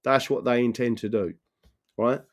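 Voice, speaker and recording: His pitch is medium and his intonation fairly flat, delivered at normal speed. Running a political livestream, this man rambles with sincerity, tosses in frequent "right?"s, and works through viewers' messages aloud, replying to each.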